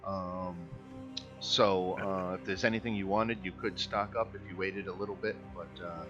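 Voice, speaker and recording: A man running a tabletop game as dungeon master, talking in a relaxed way with many fillers and chuckles. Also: deep voice, moderate pace, dull audio, music in the background.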